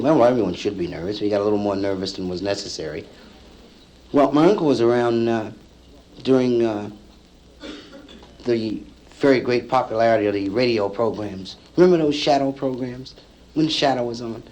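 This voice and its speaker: A male stand-up comedian telling a story to a live audience, acting out the people in it with lively punchlines, from an old vinyl comedy album. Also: medium pitch, fairly quick, poor audio. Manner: acts out characters in the story, lively punchline delivery. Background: audience laughter.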